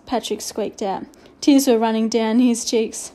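Storybook narrator, woman, mellow tone, slightly high voice. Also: fairly even intonation, a little slow.

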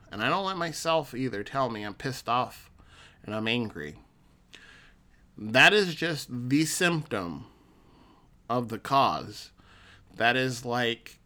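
A man with a bright, forceful voice speaks slowly and earnestly in a solo podcast monologue. He sounds like a counselor encouraging his listeners, and he often restarts his sentences. His pitch sits in the middle of the male range.

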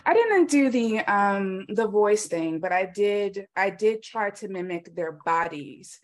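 Woman, animated storyteller, casual chat, frequent ums. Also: mid-range voice, slow pace. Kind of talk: casual conversational interview.

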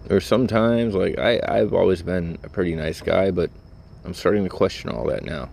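A man's voice: low-pitched, moderate pace, creaky, darkish tone, a little hiss or hum. A middle-aged man rambling in a blunt, cynical way, full of fillers and the odd curse, as he vlogs from a vehicle. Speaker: vlogger. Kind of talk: casual rambling monologue.

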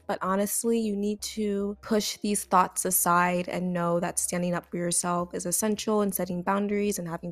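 A young adult woman hosting a podcast, giving casual advice in a chatty way that is full of "like" fillers. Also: mid-range voice. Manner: chatty, frequent "like" fillers, breaks into laughs. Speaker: podcast host.

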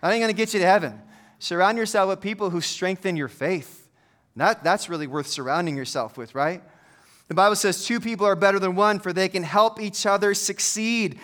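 A man's voice: high-pitched, a little fast, fairly bright tone. A middle-aged male pastor giving a conversational, humorous sermon full of stories. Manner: conversational, humorous storytelling preacher.

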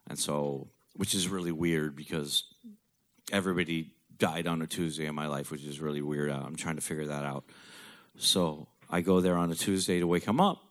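A man with a very low, deep voice tells a personal story. He talks bluntly, swears freely and slips in dark jokes. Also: fairly even intonation, moderate pace. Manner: blunt, profane, darkly joking.

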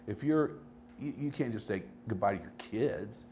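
A man hosting his own podcast, talking casually and rambling through stories, swinging between animated bursts and low asides. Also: moderate pace, a little hiss or hum. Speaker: podcast host. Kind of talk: casual solo podcast monologue.

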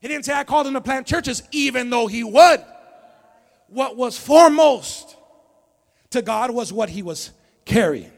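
High, gravelly pastor preaching a sermon. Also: male voice, lively intonation, unhurried, pauses often. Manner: call-and-response preaching, dropping low then building to shouts. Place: church sanctuary before a congregation.

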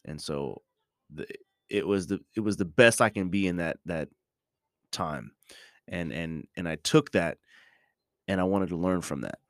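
A middle-aged man with a very low voice muses aloud on his podcast, stopping and restarting his sentences often. He is recorded close and dry, with no room sound behind him. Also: fairly bright tone, dry recording. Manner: halting, many restarts and ums, reflective. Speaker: podcast host. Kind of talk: casual reflective monologue.

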